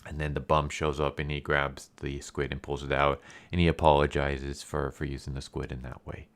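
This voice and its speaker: A man with a deep, smooth, clear voice recaps a movie plot for his review channel. He rambles casually with plenty of fillers and restarts. His tone stays amused throughout. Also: little pitch movement, normal speed.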